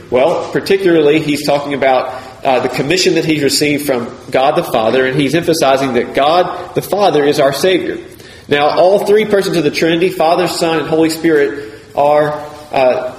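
A man preaching a sermon in a deliberate, emphatic way, repeating key phrases for emphasis. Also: medium pitch, slight background noise. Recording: echoey hall, faint ambience.

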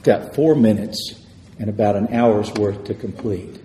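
A man's voice: lowish voice, a little slow, warm tone, slight background noise. A man preaching a sermon in a church with an emphatic, repetitive cadence. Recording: echoey hall with long reverb.

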